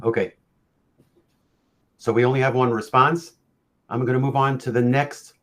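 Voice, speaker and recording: A man presenting a lecture on facial pain, speaking in a measured storytelling way with occasional fillers and restarts. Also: medium pitch, steady tone, a bit bright. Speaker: orofacial pain practitioner presenting.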